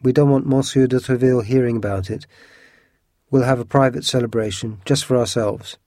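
A man voicing a slender, discreet swordsman with a soft voice in a storybook reading. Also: mid-range voice, steady tone, a little fast, no room sound, clean studio sound, lightly acted. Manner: soft-spoken.

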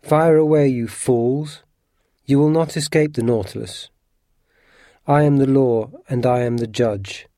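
A man voicing a vengeful, brooding submarine captain in a storybook reading, speaking coldly and quietly at times and shouting in rage at others. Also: mid-range voice, moderate pace, dry recording, clean studio sound, lightly acted. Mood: raging. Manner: cold and quiet, bursting into furious shouting.

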